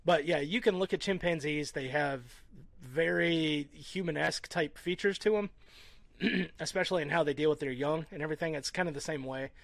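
A man on a video call in casual conversation, joking dryly and pausing on fillers. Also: fairly high pitch, creaky, no room sound. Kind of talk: casual chat. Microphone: remote video call.

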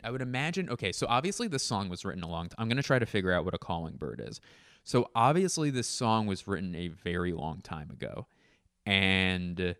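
A man riffs crudely on his podcast, rambling and breaking off mid-sentence. His voice sits low, yet it leaps around with animated swings. The tone is smooth and resonant, recorded close and dry with no room around it. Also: no room sound. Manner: rambling, crude, self-interrupting. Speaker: podcast host. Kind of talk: profane comic riffing monologue.

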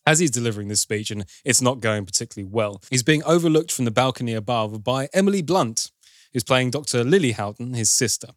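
A man chatting casually as a podcast host, walking through a film's plot with a wry, sardonic edge. His voice sits at an ordinary middle pitch. The sound is dry and close, with no room around it. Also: animated, fast talker, dry recording. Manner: wry, storytelling, lightly sardonic. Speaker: podcast host recapping a film. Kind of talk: casual film recap chat.

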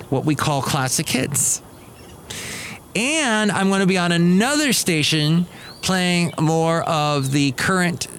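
A man's voice: on the high side, fairly bright tone, slight background noise. Rambling, jokey man hosting a podcast. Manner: rambling, self-mocking, jokey. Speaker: podcast host. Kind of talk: casual solo podcast chat.

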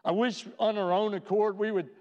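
A male pastor preaching a sermon in a church, earnest, with rhetorical questions and slowing down for emphasis. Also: high-pitched, fairly even intonation, darkish tone. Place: church sanctuary. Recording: dull reverberant church recording.

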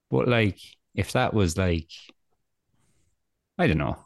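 A man's voice: low voice, expressive, slow pace, creaky, pauses often, dry recording. A young Irish man co-hosting a podcast, talking casually and ranting with dry sarcasm. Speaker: podcast co-host. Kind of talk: casual chat.

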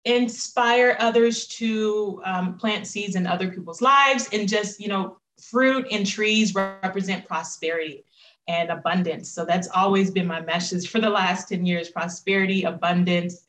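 A woman shares her personal story as an interview guest, earnest and reflective. She turns lively when she quotes herself. Her voice rings a little in a roomy, echoing space. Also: mid-range voice, unhurried.

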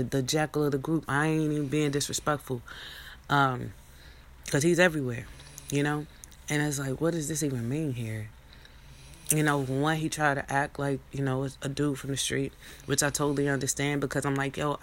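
A young woman in a rambling, profane monologue, preaching at her viewers with many restarts and asides. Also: very deep voice. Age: young adult.

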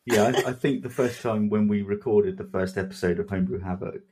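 A man's voice: on the low side, brisk, a little mellow, a little hiss or hum. A man co-hosting a podcast, talking in a blunt, laid-back way. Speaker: podcast co-host. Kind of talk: casual podcast chat.

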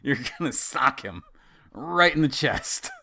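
A man in a casual chat, teasing his co-host and quick to laugh. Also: medium pitch, lively intonation, bright, forceful tone, a little hiss or hum.

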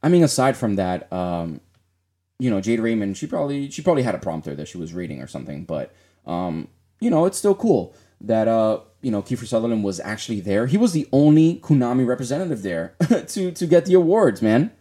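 A man's voice: medium pitch, big pitch swings, brisk, warm tone. A man co-hosting a casual gaming podcast, rambling with many fillers and restarts. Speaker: podcast co-host.

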